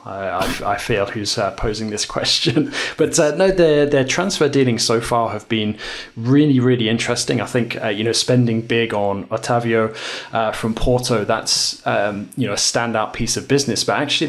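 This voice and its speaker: A man discussing football on a podcast, eager and thoughtful, circling his points with lots of fillers. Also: on the low side. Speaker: football pundit. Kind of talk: casual football podcast chat.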